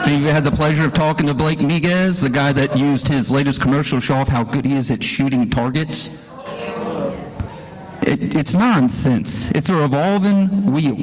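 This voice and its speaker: A man giving an impassioned, folksy speech at a town hall, firing rhetorical questions at the crowd. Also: medium pitch. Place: church hall, live event.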